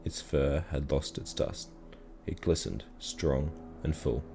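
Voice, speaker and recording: A man calmly reading a children's story aloud in a measured storytelling manner. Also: very deep voice, vocal fry, over music. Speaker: reader.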